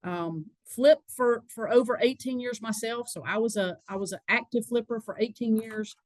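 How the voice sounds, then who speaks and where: A woman's voice: a little high, normal speed, no room sound, low-quality recording. A woman with a Southern US accent hosting a business webinar in a chatty, casual way, with frequent fillers and restarts. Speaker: webinar host, lending partner. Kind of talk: casual presentation.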